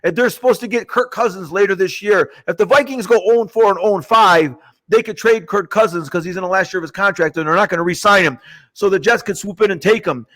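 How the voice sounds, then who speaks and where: An older man co-hosting a sports podcast, musing and handing out advice in a drawn-out way. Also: high voice, a bit bright. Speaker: podcast co-host. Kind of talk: casual sports banter.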